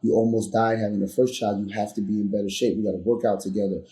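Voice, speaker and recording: A man's voice: lowish voice, level tone, fast talker. Earnest man telling a story, roomy. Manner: earnest, builds to loud re-enacted arguments. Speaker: podcast guest. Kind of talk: candid storytelling.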